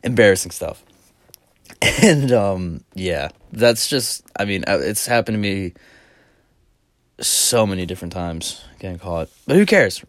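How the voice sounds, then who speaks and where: A man's voice: low-pitched, expressive, unhurried, no echo, studio quality. A young man hosting a podcast who tells a rambling, profane story in a laid-back, casual way. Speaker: podcast host.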